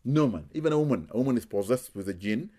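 A man's voice: mid-range voice, animated, fast talker, warm tone, breathy edge. A man, a Muslim spiritual healer, telling a story in an interview, with Arabic religious phrases and repeated words for emphasis.

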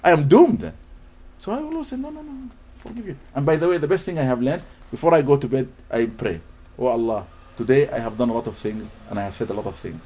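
A man's voice: medium pitch, fast talker. A man giving a sermon, reciting Arabic verses and explaining them in English, acting out little dialogues. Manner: animated, mixes Quranic Arabic recitation with English teaching, acts out dialogues. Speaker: preacher.

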